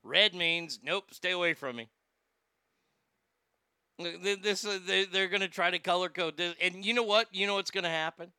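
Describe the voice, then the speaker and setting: A man's voice: high voice, fairly even intonation, a little fast, few pauses, sharp tone, smooth, no room sound, clean studio sound. A male comedy host rambling through the news in a profane, sarcastic rant, often stammering and restarting.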